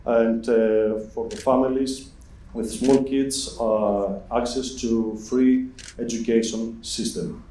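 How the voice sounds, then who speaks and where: A man speaking on a conference panel in a hesitant, halting way, with many fillers. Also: medium pitch, fairly even intonation, mellow, a little hiss or hum. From Greece. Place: large conference hall. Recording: echoey hall, far from the mic.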